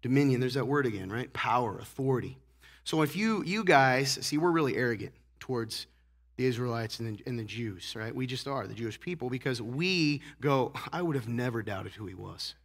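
A hoarse, congested man preaching a casual sermon to a church congregation, teasing the crowd and asking rhetorical questions. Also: medium pitch, expressive, fairly quick. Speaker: pastor. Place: church sanctuary.

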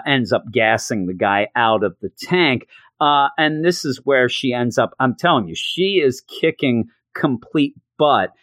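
A man casually recapping a comic book story, animated and slipping into voices for the characters. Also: medium pitch, no room sound. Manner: animated retelling, acts out quotes. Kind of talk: casual review chat.

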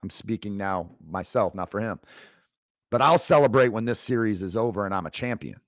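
A man's voice: on the low side, lively intonation, brisk, no echo, studio quality. A man in his fifties hosting a leadership podcast, talking in an emphatic motivational monologue that repeats key phrases for effect. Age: 50s. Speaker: leadership coach, podcast host.

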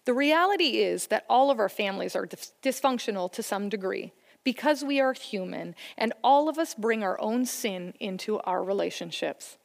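A woman's voice: mid-range voice, lively intonation, moderate pace, gravelly, few pauses. A woman giving an earnest, encouraging sermon about parenting and faith, mixing scripture with personal stories. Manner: earnest, encouraging, story-telling. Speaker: church speaker on family faith. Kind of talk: sermon talk. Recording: long hall reverb.

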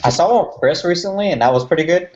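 A man's voice: fairly high pitch, lively intonation, fast, darkish tone, muffled recording. A man co-hosting a casual podcast chat, dropping dry teasing quips. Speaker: podcast co-host.

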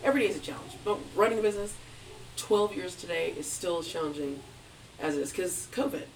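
A middle-aged woman running her own music studio, telling stories with lively acted-out quotes and frequent laughter. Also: on the low side, fast, distant mic, a little hiss or hum, poor audio. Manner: animated storyteller, acts out quotes, laughs often. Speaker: music studio owner, guest. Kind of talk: casual interview conversation.

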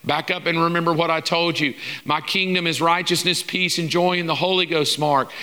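A man preaching, voicing Jesus as he firmly and gently corrects a weary believer, repeating the listener's name as he urges him. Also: high voice.

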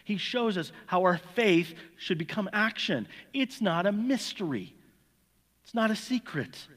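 Earnest high-voiced preacher in a hall. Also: male voice, very animated, a little slow, a bit bright. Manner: earnest, emphatic, repeats words. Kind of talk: sermon with storytelling. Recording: long hall reverb.

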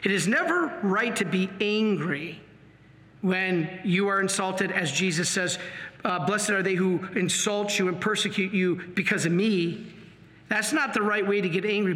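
A man, a priest, preaching a sermon in an earnest, animated way. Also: sits high. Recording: long hall reverb.

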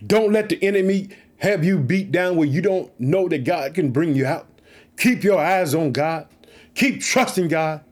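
A man preaching with excitement, reading a Bible story aloud and repeatedly urging listeners to trust God. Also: fairly high pitch.

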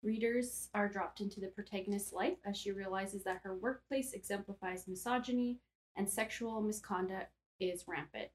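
A woman's voice: medium pitch, moderate pace, poor audio. A woman co-hosting a podcast in casual book chat, agreeable and reading book blurbs aloud. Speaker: podcast co-host.

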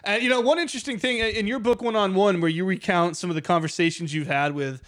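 A man's voice: high-pitched, fairly even intonation, fast, a bit bright. A man hosting a podcast, asking his guest eager, chatty questions full of hedges. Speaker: podcast host. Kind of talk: interviewing a guest.

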